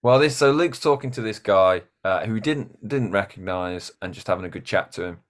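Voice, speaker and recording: A man, a musician guest in a casual chat, telling stories in an animated way. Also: lowish voice, brisk. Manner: animated storyteller.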